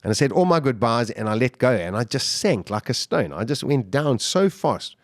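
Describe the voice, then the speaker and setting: A man, a podcast guest, telling his survival story in an animated way, full of restarts and repeated words. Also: mid-range voice, normal speed, no room sound, clean studio sound. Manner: vivid, animated retelling with restarts. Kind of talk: interview storytelling.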